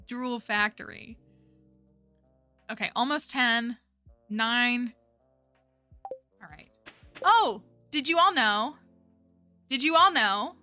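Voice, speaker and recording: Woman streamer chatting to chat while she plays, bright sharp voice, soft game music underneath. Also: fairly high pitch. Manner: chatty, thinks aloud and talks to her chat. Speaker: livestreamer. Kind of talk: casual gameplay commentary.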